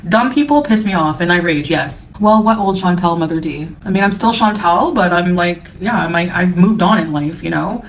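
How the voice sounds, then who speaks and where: A woman's voice: fairly low pitch, normal speed, few pauses, slight background noise. Scornful woman ranting on a livestream. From Canada. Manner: profane, scornful, defensive. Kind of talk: angry livestream rant.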